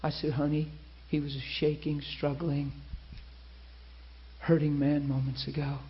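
Male preacher, storytelling sermon, slightly high voice, muffled lo-fi sound. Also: measured pace. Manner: animated storyteller acting out quoted people.

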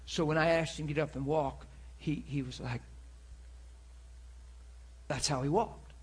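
A man's voice: on the high side, fairly even intonation, unhurried, husky. A man preaching a sermon, telling a personal story in an earnest, storytelling manner. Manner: earnest, storytelling, with many repeated words.

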